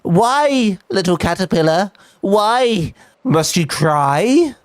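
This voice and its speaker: A woman's voice: mid-range voice, expressive, no room sound, clean studio sound, voice pushed up. A man doing a solemn woman poet. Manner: slow, solemn and dramatic recitation. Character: earnest middle-aged woman poet reciting gravely.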